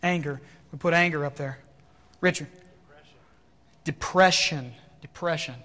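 A man preaching a sermon to his congregation, animated and acting out worried inner voices. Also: on the high side, unhurried, in a large hall. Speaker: pastor.

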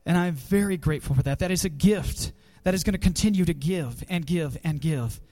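A man's voice: on the high side, a little fast, dark tone. Choked-up man giving a farewell tribute. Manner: emotional, laughs nervously, repeats phrases. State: choked up with emotion. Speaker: youth pastor. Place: church gathering.

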